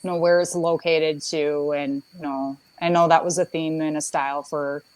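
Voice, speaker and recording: A woman's voice: sits low, fairly even intonation, normal speed, a little mellow, dry recording, low-quality recording. A woman talking casually about staging and photographing homes, hesitant with many restarts and fillers, speaking over a phone on a video call. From Minnesota. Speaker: home stager and photographer. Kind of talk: casual live chat.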